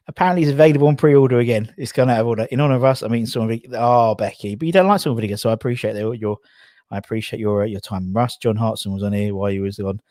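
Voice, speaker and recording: A man's voice: fairly low pitch, fast talker, darkish tone, no echo, studio quality. A man from England hosting a casual live stream, rambling and out of breath as he reads out viewer comments. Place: garage.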